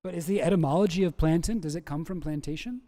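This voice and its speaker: A man's voice: on the high side, fast talker, mellow. A man hosting a stream, telling playful stories in casual chat and laughing often. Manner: laughing, playful storytelling with quoted voices. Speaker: streamer host.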